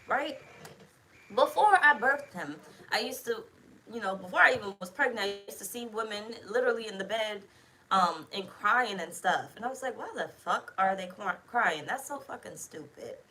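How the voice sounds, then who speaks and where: Blunt, bright-voiced woman tarot reader. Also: medium pitch, a little hiss or hum, poor audio. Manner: blunt, profane, emphatic, chatty. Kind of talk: casual tarot reading to camera.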